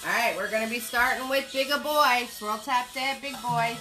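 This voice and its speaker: A paint party instructor leads a live online painting class in a chatty, playful way, sing-songing her repeated cue words. Her voice is a little high and sharp at a moderate pace, over soft background music in a low-quality recording.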